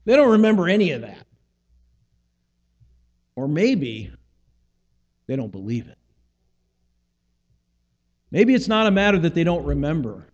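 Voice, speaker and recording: A man's voice: on the high side, very animated, measured pace, pauses often, darkish tone, big-room sound, dull audio. A man preaching a conversational sermon, acting out the lines of biblical dialogue as he retells them. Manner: conversational, acts out scripture dialogue. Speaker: pastor.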